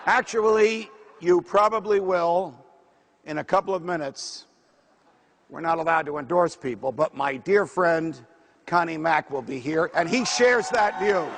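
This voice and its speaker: A man's voice: on the high side, measured pace, a bit bright. A man giving a political speech, emphatic and rhetorical, lecturing a crowd. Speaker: speaker. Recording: reverberant hall.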